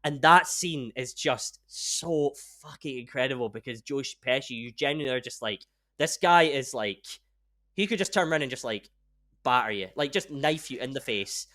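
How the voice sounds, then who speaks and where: A young man hosting a podcast in casual chat, rambling and excitable and swearing freely. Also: medium pitch, moderate pace. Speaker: podcast host.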